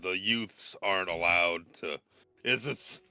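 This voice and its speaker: A man's voice: low-pitched, takes it slowly, pushed and bright, clear, resonant tone, no echo, heavily acted. A man voicing a rambling male traveler in a put-on accent, hesitant and full of restarts.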